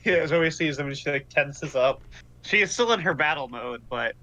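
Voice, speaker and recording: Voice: medium pitch, animated, normal speed, sharp tone, dull audio. A player in a casual tabletop game who is playful and laughs easily.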